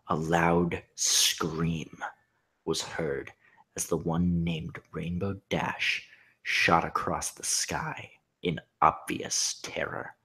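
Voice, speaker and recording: A husky man reading fan fiction aloud in hushed, half-whispered deadpan narration. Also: sits low, very slow. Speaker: reader.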